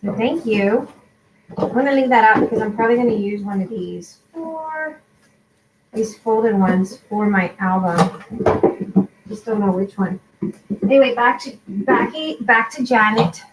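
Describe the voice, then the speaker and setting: A woman whose first language is Spanish, chatting excitedly with viewers while she hosts a crafting livestream. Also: fairly high pitch, measured pace, pauses often. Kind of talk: casual live-stream chat. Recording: echoey room, faint background noise.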